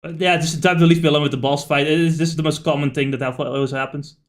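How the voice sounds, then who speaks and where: Chatty, high-voiced male streamer. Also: quick pace. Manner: rambling, animated storyteller with frequent fillers and swearing. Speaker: streamer playing a video game. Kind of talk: casual gaming stream chat.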